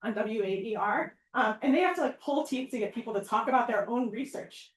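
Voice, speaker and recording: A woman giving an informal public talk as a professor, chatty and animated, often asking "right?" and acting out quoted voices. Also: a little high, a little fast. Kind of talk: informal lecture. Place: outdoor event or hall. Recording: echoey, mic far from speaker.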